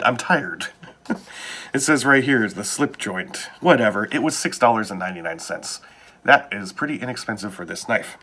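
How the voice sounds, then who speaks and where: Man, husky voice, lively pitch, casual unboxing chatter, wry muttered asides. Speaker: knife unboxing vlogger.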